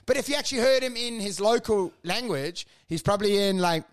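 A man's voice: high voice, lively intonation, fairly quick, clean tone. A young Australian man co-hosting a comedy podcast, rambling and swearing through jokes with frequent laughter. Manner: rambling, laughing, profane riffing. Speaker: podcast co-host. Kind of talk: casual comedic chat.

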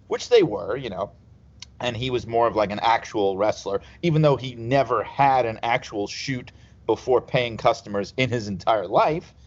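A man telling stories in a casual chat, rambling and laughing as he goes. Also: medium pitch. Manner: rambling, laughs through anecdotes. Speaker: podcast guest. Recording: slightly dull lo-fi sound.

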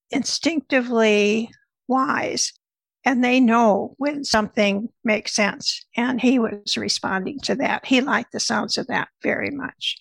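Older woman telling stories, gravelly voice. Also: a little high, no echo, rough recording. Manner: lively anecdotal storyteller. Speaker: nutritionist guest. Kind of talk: conversational storytelling.

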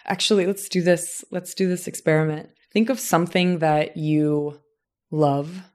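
A woman from Southern Indiana who teaches, talking in a relaxed conversation about how people speak, thinking aloud with frequent restarts. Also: on the low side, measured pace. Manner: reflective, animated examples, frequent restarts. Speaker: teacher and voice coach. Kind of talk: casual conversation.

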